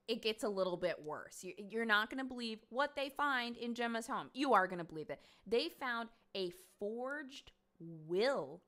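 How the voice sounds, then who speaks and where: A woman's voice: medium pitch, fairly bright tone. A woman casually recounting a true crime case to her audience, chatty and emphatic, dropping the odd swear word. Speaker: streamer host.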